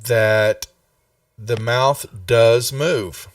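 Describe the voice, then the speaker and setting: Slow, halting male game master. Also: medium pitch, fairly even intonation, no room sound, studio quality, distant mic. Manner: slow, halting, many fillers. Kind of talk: running a tabletop game live.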